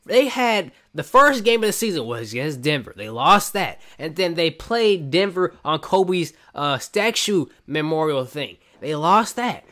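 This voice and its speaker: A man reacting to basketball clips, animated and incredulous, saying "bro" at the end of many lines. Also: fairly high pitch, unhurried, few pauses. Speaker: reaction streamer. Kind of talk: excited sports reaction commentary.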